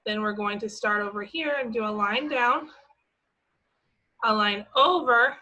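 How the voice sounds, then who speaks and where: Woman, preschool teacher, fairly high voice, patient and encouraging. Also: bright, forceful tone, poor audio. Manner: slow, patient, sing-song and encouraging. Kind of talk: teaching a worksheet to young children.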